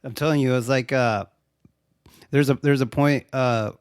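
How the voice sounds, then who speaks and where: A relaxed young man chatting about a film he just saw, loose and profane, slipping into quick impressions of the characters. His voice sits at an ordinary pitch, and the recording is dry and close with no room sound. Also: smooth, no echo. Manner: laid-back, swears a lot, acts out quotes. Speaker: podcast co-host. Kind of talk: casual chat recapping a movie.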